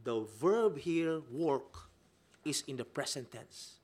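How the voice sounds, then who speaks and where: Animated high-voiced male preacher. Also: takes it slowly. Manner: emphatic, rhetorical questions, swings between loud and soft. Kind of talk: sermon.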